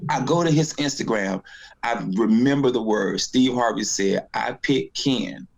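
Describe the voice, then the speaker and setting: A comedian from North Carolina tells an animated story, jumping into other people's voices as he goes. His voice has a gravelly edge and sits at an ordinary pitch for a man. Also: unhurried. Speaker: guest comedian. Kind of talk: storytelling in casual interview.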